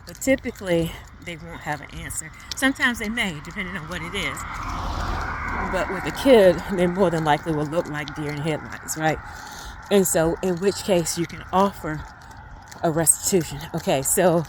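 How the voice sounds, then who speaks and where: Middle-aged woman teaching about family talks, lowish voice, keeps asking "right?", a little background hiss. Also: moderate pace. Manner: conversational, frequent "right?" check-ins. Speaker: family life coach. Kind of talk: casual teaching talk.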